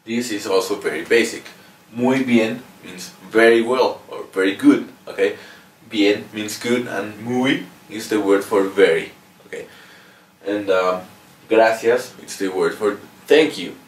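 A Mexican-accented man teaches a relaxed beginner lesson, pausing often to check in with a questioning "okay?". He sits a little back from the microphone, and his voice rings around a room with plenty of echo. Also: on the low side. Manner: patient, ends phrases with "okay?". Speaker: language teacher. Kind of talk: casual video lesson. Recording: roomy echo, mic at a distance.

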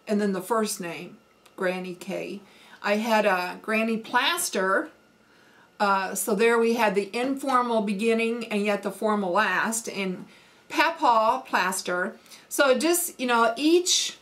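A woman's voice: mid-range voice, a bit bright. A middle-aged woman with a Midwestern accent, chatting casually with folksy asides and lots of ums. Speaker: homesteading vlogger. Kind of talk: casual accent challenge chat.

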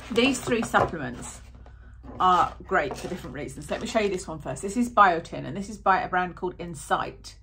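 Chatty woman, lowish voice. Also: lively intonation, moderate pace, sharp tone, a little hiss or hum. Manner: rambling, self-interrupting, chatty. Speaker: beauty vlogger. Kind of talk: chatty product review.

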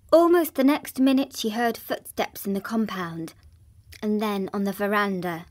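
A woman narrating a children's classic in a gentle, even storytelling manner, with a synthetic sound. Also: mid-range voice, moderate pace.

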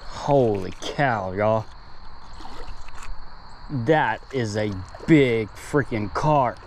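Male fishing vlogger, slow excited drawl, outdoors with light background noise. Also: medium pitch, low-quality recording. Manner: excitable, exclaims often, addresses viewers as y'all. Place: outdoors by water.

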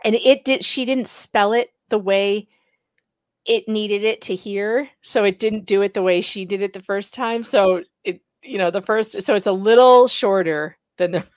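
A woman of middling pitch chatting on a live stream, giggly and talkative. The audio is dry and close. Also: no room sound. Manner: giggly, chatty, quick to laugh. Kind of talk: casual live-stream chat.

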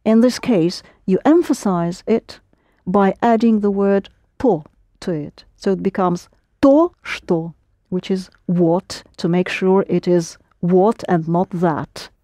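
A woman's voice: mid-range voice, slow pace, mellow, no echo, clean studio sound. A woman teaching a language lesson, explaining patiently step by step and prompting her students.

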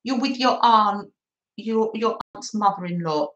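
An English woman hosting a live craft stream, chatting warmly and giggling as she greets viewers by name from her sewing table. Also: mid-range voice, unhurried, dull audio. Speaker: craft livestream host. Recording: roomy echo.

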